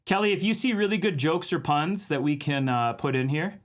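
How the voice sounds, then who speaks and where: A man's voice: fairly high pitch, lively intonation, moderate pace. A man from Minnesota hosting a casual art live stream, chatting and laughing with viewers while he draws. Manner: chatty, laughs often, reads chat aloud.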